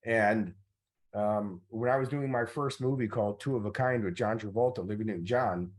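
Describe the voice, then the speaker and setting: A middle-aged motivational coach tells anecdotes during a master class talk, filling them with lots of fillers. His voice is on the low side and moves at a moderate pace.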